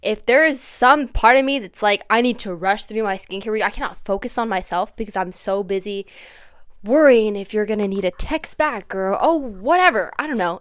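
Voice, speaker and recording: A young woman chatting casually on her vlog, swinging from hushed asides to dramatic near-yelling. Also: medium pitch, smooth, dry recording, studio quality. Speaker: vlogger. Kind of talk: casual chat.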